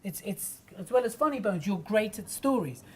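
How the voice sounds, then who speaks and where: A woman trainer giving lively, direct feedback to a speaker. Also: mid-range voice, normal speed, slight background noise. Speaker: judge and trainer.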